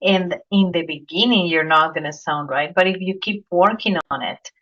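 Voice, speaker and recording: The podcast host, a Colombian woman with a Spanish accent, speaks at normal speed in a lowish, fairly bright voice. She tells anecdotes in an earnest way during casual interview chat, often repeating words while looking for them, and the recording is dull and lo-fi.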